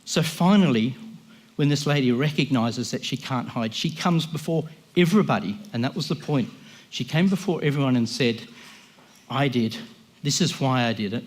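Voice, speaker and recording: A man's voice: medium pitch, expressive, normal speed. A man giving an impassioned, emphatic sermon as a guest speaker, often voicing the people he quotes.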